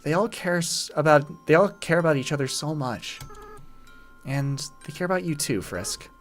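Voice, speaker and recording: A man voicing a young boy monster who is lonely, desperate and remorseful, reading game dialogue aloud with feeling, his voice breaking. Soft game music plays behind him. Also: a little high, lively intonation, normal speed. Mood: tearful, soft. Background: faint game music.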